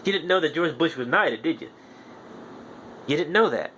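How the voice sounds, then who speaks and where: A young male podcast host delivers a heated, profane rant, insistently repeating himself to drive his points home. His voice sits a little high, with lively intonation, a moderate pace, and a fairly bright tone over a slight hiss or hum.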